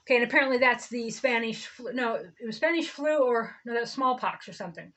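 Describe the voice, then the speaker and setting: A woman with a high voice talks through a loose spiritual monologue. Her tone runs sarcastic, and she wanders off on tangents, stopping and restarting her thoughts as she goes. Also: fairly quick, fairly bright tone, lo-fi sound. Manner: sarcastic, digressive, self-interrupting. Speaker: reverend, online host.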